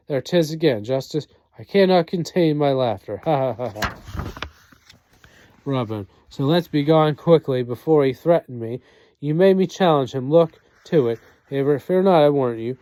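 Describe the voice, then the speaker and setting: A man's voice: medium pitch, mellow, no room sound. A man reading a play aloud, doing every part and reading out the speaker names and stage directions. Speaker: reader.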